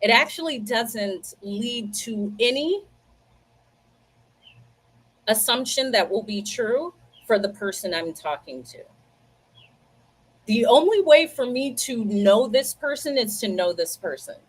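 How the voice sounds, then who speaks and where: A woman hosts a livestream and chats with her viewers in a casual, lively storytelling way. Her voice sits a little higher than most women's. She takes her time, talking at an unhurried pace. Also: breathy edge. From United States. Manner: chatty, animated storytelling, talks to viewers directly. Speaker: livestream host. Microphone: computer mic, livestream.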